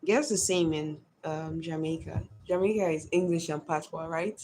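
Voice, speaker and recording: A woman's voice: low voice, normal speed, warm tone, faint music behind. A woman with a Nigerian accent chatting casually on a live stream, greeting viewers by name and answering their comments.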